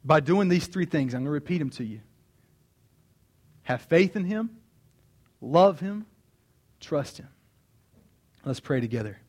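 Man, 30s, pastor giving a heartfelt sermon, slightly high voice, emphatic repetition. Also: animated, unhurried, long pauses, darkish tone. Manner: earnest, personal, with emphatic repeated phrases.

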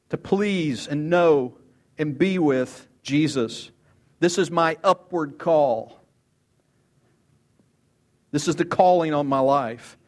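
Male pastor, fairly high voice, emphatic sermon delivery that climbs on key lines. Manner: emphatic, rises in pitch for quoted lines, repeats words. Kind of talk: expository sermon.

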